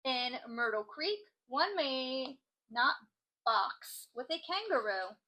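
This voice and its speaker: A woman's voice: sits high, big pitch swings, slow, bright, forceful tone, low-quality recording. A woman hosting a crafting channel, chatting casually and joking as she reads out odd laws. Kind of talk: casual chat while crafting.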